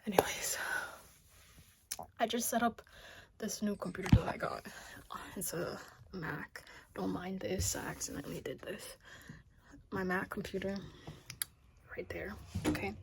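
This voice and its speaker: A young American woman talking casually to her vlog camera, a bit out of breath, often dropping to a soft half-whisper. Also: medium pitch, noisy background. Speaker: vlogger. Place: home kitchen.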